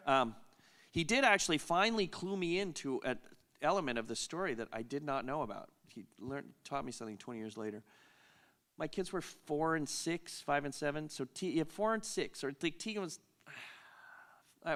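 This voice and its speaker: A man's voice: medium pitch, fairly bright tone. A middle-aged man hosting a conference Q&A, telling a long family story in a chatty, self-interrupting way and laughing often. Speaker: conference Q&A host. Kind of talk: casual storytelling Q&A.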